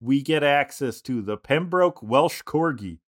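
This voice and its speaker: A man's voice: mid-range voice, expressive, measured pace, no room sound, studio quality. A man co-hosting a casual podcast chat, playful and joking, laughing often. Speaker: podcast co-host.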